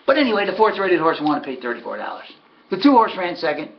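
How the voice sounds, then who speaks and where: Gravelly, folksy man recapping races. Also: high voice, sing-song, fast talker, highs cut off, slight background noise. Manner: folksy, sardonic, talks to himself about bets. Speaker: harness racing handicapper. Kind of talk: casual race recap monologue.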